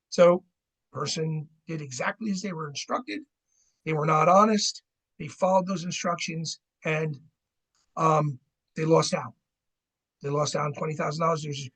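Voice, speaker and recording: A credit union fraud educator, a middle-aged New Jersey man, leads a conversational seminar on fraud and keeps checking in with "right?". His voice is a little high and slightly rough, captured on a low-quality recording.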